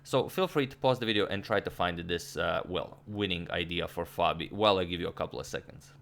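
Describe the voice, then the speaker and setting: A man analyzing a chess game move by move, explaining with frequent pauses, restarts and filler sounds. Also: low voice, vocal fry, a bit bright. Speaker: chess commentator.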